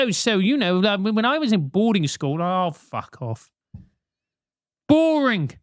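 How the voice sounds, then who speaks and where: A British man hosts a comic advice show, speaking bluntly, swearing a lot, and mocking freely. His voice is high, a bit bright, clear, and resonant, recorded in studio quality with no echo.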